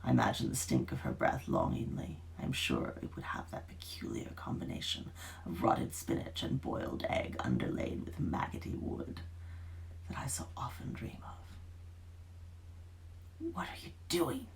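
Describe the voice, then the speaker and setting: Woman author, live reading; gravelly, lively, dramatic delivery. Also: extremely low pitch, a little slow, whispered.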